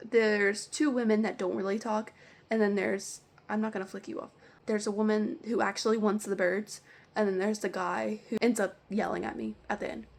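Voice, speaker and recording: A woman vlogger rants through a storytime, piling on "like" as she goes. Her voice sits at an ordinary pitch with plenty of gravelly fry underneath. The delivery stays casual and animated, as if telling friends. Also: normal speed. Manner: animated, heavy use of "like". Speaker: vlogger telling work stories. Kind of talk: storytime rant.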